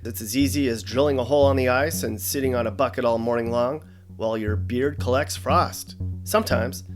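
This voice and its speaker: A man hosting a comedic explainer, narrating in a dry, sarcastic, deadpan way. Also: medium pitch. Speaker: host.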